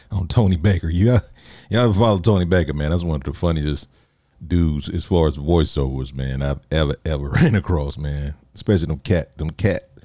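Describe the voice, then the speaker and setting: A man's voice: a bass voice, warm tone, no room sound, clean studio sound. A man hosting a solo podcast, talking casually in a joking, rambling way and laughing often. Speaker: podcast host.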